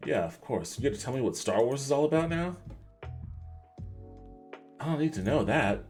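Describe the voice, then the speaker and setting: A man's voice: medium pitch, lively intonation, normal speed, darkish tone, faint music behind. A man hosts a livestream podcast in a mid-range voice, reading articles aloud and breaking off for wry asides. His delivery is loose and conversational, with frequent restarts and stumbles over names. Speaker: podcast host.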